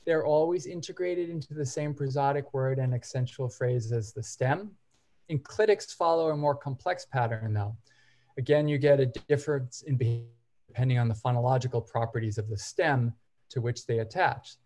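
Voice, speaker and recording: A man gives an academic seminar lecture in a mid-range voice. He explains methodically, point by point, and sometimes pauses on brief hesitation fillers. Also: medium pitch, dark tone. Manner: methodical, explains step by step while walking through examples. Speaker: seminar presenter.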